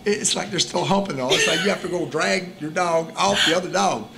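A man's voice: sits high, a little fast, gravelly, sharp tone. A man co-hosting a casual joking chat about dating, rambling and repeating himself as he goes. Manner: rambling, repeats "and all" and "it's like". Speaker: co-host giving dating tips. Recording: noisy background.

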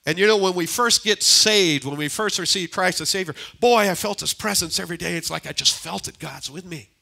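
Bright-voiced older male pastor preaching. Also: high voice, a little fast, gravelly. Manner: swings from loud emphatic lines to hushed near-whispers; repeats key phrases for emphasis. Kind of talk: sermon. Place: church sanctuary.

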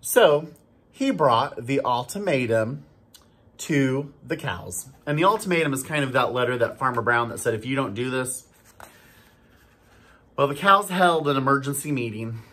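A school staff member reading a storybook aloud to children, animated and stopping to ask them questions. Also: mid-range voice, moderate pace, husky. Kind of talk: storybook read-aloud for kids.

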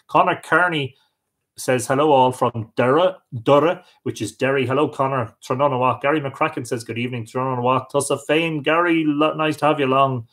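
A man's voice: mid-range voice, normal speed, a bit bright. An Irish man hosting a live stream, chatting casually as he reads out and answers viewer comments, with frequent hesitations. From Ireland. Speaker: livestream host.

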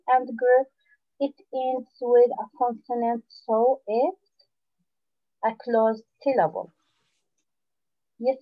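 A woman teaching a phonics lesson online, patient, full of praise, and repeating words slowly for her pupils. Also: fairly high pitch. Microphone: video call. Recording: dull lo-fi online call audio.

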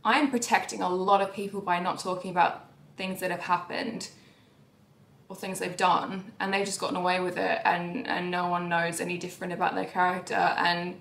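Emotional young woman with a gravelly voice. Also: lowish voice, little pitch movement, normal speed, roomy sound. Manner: emotional and candid, swings between soft sighs and raised outbursts. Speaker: YouTuber. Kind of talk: confessional vlog talk.

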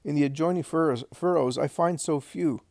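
A man's voice: fairly high pitch, fairly quick, vocal fry, darkish tone, no echo, clean studio sound, voice pushed up. A man voicing an eager, breathless young male apostle in a scripture reading. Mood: astonished.

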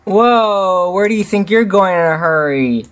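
A man's voice: on the high side, moderate pace, a bit bright, voice pushed up, natural voice. A man doing a fatherly lion king. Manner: earnest, fatherly.

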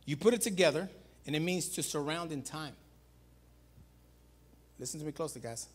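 Man, pastor, sermon, high voice, animated, loud calls and low emphasis. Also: normal speed, breathy edge. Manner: animated preaching, repeats "watch this" and "guys".

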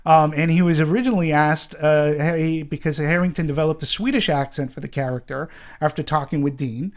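Casual movie podcast co-host, hesitant, repeats words, medium pitch. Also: fairly even intonation, brisk.

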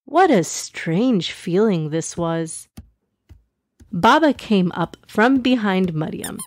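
A woman narrating a children's story in a gentle, expressive way. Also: medium pitch, slow, dry recording, studio quality.

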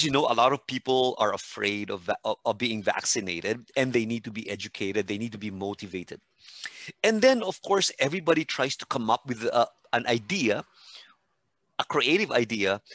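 A man co-hosting a podcast, explaining psychology through long hypothetical examples in an animated way. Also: mid-range voice, no echo.

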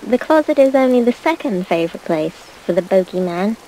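An actress playing a calm mother in a game cutscene, telling her child where the boogeyman hides in a matter-of-fact, gently teasing way. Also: mid-range voice, fairly quick, slight background noise, close to an everyday voice, low-quality recording.

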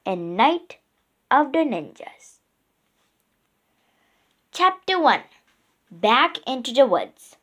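Woman narrator for a children's storybook, slow and unhurried, expressive. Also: high voice.

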